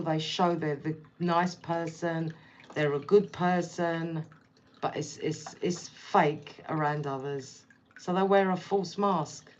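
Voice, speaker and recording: A woman with a low voice gives a casual tarot reading, talking to the listener bluntly and repeating her points. The recording is dull and lo-fi. A faint hiss sits underneath. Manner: blunt, repetitive, direct address. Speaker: tarot reader.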